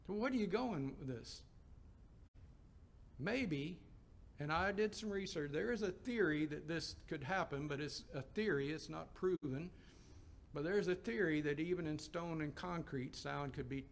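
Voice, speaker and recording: A man's voice: fairly high pitch, measured pace, vocal fry, pauses often, slight background noise. A man preaching a sermon in a folksy, conversational storytelling way, with emphatic rises.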